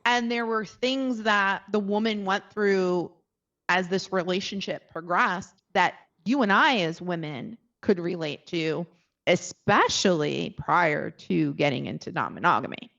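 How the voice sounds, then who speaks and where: A woman's voice: on the low side, unhurried, gravelly, fairly bright tone, highs cut off. A woman co-hosting a casual podcast who talks in an easygoing, agreeable and affirming way. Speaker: podcast co-host.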